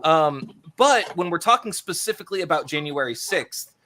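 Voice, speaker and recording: Man with a slight stutter, bright voice. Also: on the high side, lively intonation. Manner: measured, with a stutter he mentions. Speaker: livestream co-host. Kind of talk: casual political debate chat.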